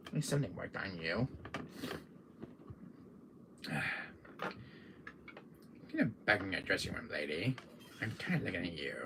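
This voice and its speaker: A man hosting a comedy skit in a villain persona, talking gruff and threatening, swearing often. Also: low-pitched, very animated, measured pace, pauses often, background noise. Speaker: channel host in a villain persona. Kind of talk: comedic improvised character skit.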